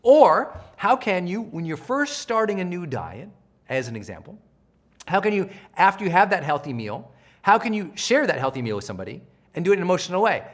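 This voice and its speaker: A middle-aged man giving a live coaching session, energetic and animated, often acting out the voices of people he quotes. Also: sits high, a little fast. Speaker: self-help trainer.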